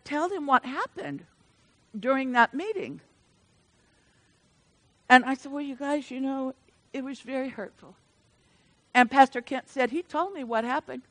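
A middle-aged woman pastor delivers an emotional, storytelling sermon. Her voice sits high and bright, and it drops to near-hushed confidences before rising to fervent proclamations. The sound is close and dry, with almost no room around it. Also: dry recording. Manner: emotional, storytelling preacher who swings from soft to loud.

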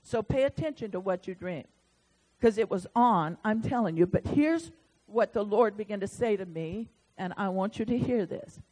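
A woman preaching a sermon, telling a story and then building up to loud, fervent proclamation. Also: medium pitch, animated, normal speed, poor audio.

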